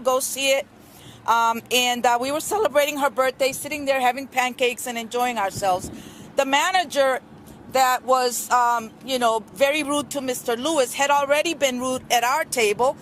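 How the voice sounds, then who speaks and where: A middle-aged woman speaks at an outdoor press conference, her voice high and earnest. She rambles through her account with many ums and restarts. Faint street and traffic noise sits behind the news camera recording. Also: fairly bright tone.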